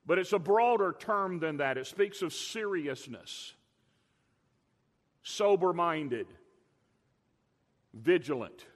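An older man preaching a sermon as a pastor, emphatic, drawing out key words slowly. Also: fairly high pitch, expressive. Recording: long hall reverb.

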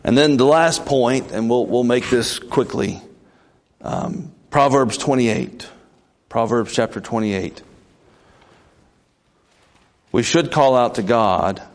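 A man preaching a folksy, conversational sermon as pastor, with sudden leaps in pitch. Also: takes it slowly.

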